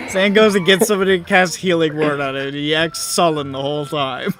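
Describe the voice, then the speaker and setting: A man running a tabletop game as game master, narrating haltingly with many fillers and frequent laughter. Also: a little high, steady tone, a bit bright.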